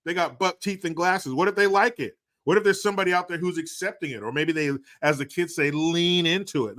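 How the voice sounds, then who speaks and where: A man streaming and commenting casually, sarcastic and profane, often getting loud and animated. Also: a little high, moderate pace, hardly any pauses.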